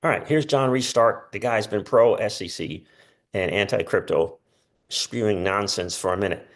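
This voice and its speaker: A man hosting a casual commentary channel, reading news posts aloud and breaking in with quick offhand asides. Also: lowish voice. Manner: chatty, reads quotes aloud with asides. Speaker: crypto channel host.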